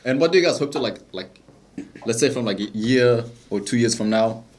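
A man's voice: medium pitch, expressive, a little fast, a little mellow. A young man hosting a casual podcast chat, laid-back and slangy, full of fillers. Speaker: podcast host.

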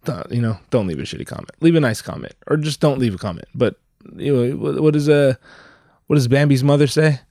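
A man's voice: medium pitch, a little fast, vocal fry, mellow, no room sound. Young guy with a cold doing his solo podcast, kinda nasal, swears a lot, rambles, dead dry mic. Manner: profane, self-mocking, meandering. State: sick, a bit nasal. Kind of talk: rambling casual monologue. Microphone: headphones and microphone.

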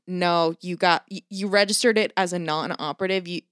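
A woman in casual chat who tells a story in an animated way, swears constantly and acts out the people she quotes. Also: fairly low pitch, a little fast, clear, resonant tone, no room sound, clean studio sound.

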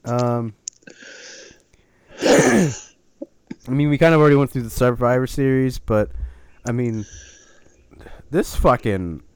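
A man's voice: medium pitch, takes it slowly, long pauses, smooth, no room sound. A man co-hosting a podcast, wry and teasing, running through rosters in casual wrestling chat. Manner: wry, teasing, lists facts. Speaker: podcast co-host.

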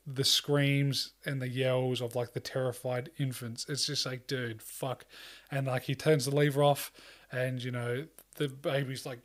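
A man talking casually in a rambling way, full of fillers and swearing, acting out quoted lines. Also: medium pitch. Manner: acts out quoted lines in a loose voice. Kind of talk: casual chat.

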